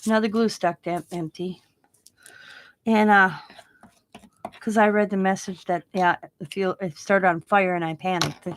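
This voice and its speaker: Woman, middle-aged, casual crafting chat, rambling, acts out quotes, average pitch. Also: steady tone, unhurried, pauses often, slight background noise. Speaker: craft vlogger. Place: home craft desk.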